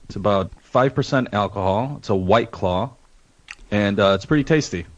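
A man's voice: lowish voice, normal speed, dry recording, highs cut off. A man from the United States, a podcast guest, upbeat and playfully complimentary in casual chat.

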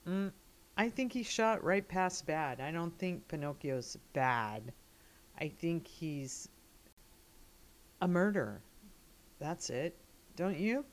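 Slow, chatty woman podcast host. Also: fairly low pitch, lively intonation, slight background noise. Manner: chatty, wry, unhurried. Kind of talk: casual podcast commentary.

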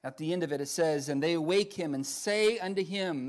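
A man preaching as pastor at a church service, with folksy humor, swinging from quiet asides to loud, rising passages. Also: on the high side, fairly quick, hardly any pauses. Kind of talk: sermon.

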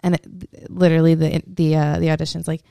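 A woman's voice: low voice, little pitch movement, fairly quick, gravelly, dark tone, no room sound. A woman with a faint Brooklyn accent, co-hosting a podcast with dry remarks and stories. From Brooklyn, New York. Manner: dry, wry remarks, storytelling. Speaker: podcast co-host. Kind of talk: casual podcast chat.

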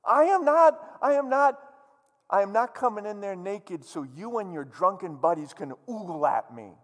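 A defiant ancient queen, firm and emphatic, voiced by a man. Her high, lively delivery lands each word hard, and the sound carries a long hall reverb. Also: normal speed.

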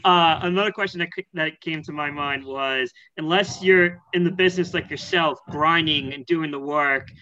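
A man's voice: a little high, moderate pace, few pauses, bright, forceful tone, dull audio. A man hosting a casual podcast, asking questions with hesitant fillers. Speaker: podcast host.

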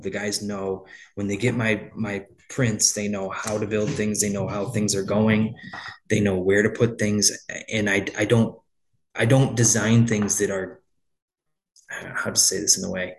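A man with a somewhat low voice chats casually about running his landscaping business. He rambles, repeats words as he restarts, and slips into quoted dialogue as he tells his stories. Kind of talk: casual interview talk.

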